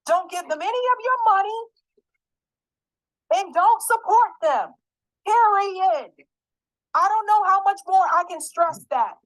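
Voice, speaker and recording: A woman's voice: very high voice, lively intonation, unhurried, long pauses. A woman giving an angry, emphatic political commentary, swearing and repeating her points.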